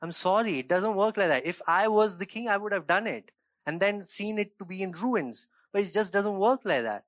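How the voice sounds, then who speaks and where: A man delivers an earnest sermon in a somewhat high voice, dropping into quiet reflective passages before rising into emphatic bursts. He often checks in with his listeners, asking "right?" and "okay?" The sound is dry and close to the mic. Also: animated, moderate pace, no echo. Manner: shifts between quiet reflective stretches and raised emphatic bursts. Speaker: pastor.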